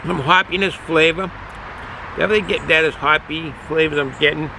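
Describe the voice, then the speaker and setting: A man giving a casual beer review outdoors, pausing and searching for his words. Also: fairly high pitch, steady tone, vocal fry, noisy background. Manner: halting, searching for words, fillers.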